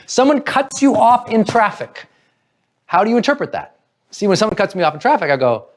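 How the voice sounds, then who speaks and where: A man's voice: high voice, sing-song, fast talker. Earnest man giving a motivational talk. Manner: earnest, coaching, acts out inner voices. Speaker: motivational speaker.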